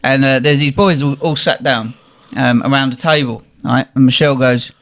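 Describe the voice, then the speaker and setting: A man's voice: mid-range voice, moderate pace, few pauses. A man, a podcast host telling stories in casual chat and acting out the people he quotes. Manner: animated, acts out quotes in voices.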